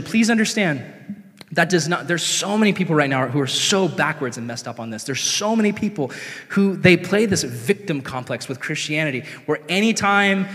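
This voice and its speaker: A man preaching a sermon in a casual, conversational way that rises to animated, excited peaks. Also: fairly high pitch. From America. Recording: long hall reverb.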